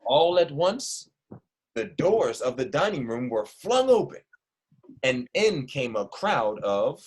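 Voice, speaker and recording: A man's voice: medium pitch, slow pace, breathy edge. A male teacher reading a storybook aloud to children and stopping to ask them questions. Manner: lively, asks the children questions.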